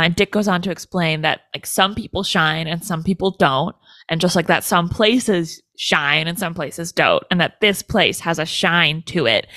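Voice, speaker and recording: A woman's voice: fairly low pitch, sharp tone, no echo. A woman co-hosting a casual podcast, retelling a movie's plot with wry asides and swearing. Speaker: podcast co-host. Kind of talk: casual movie recap chat.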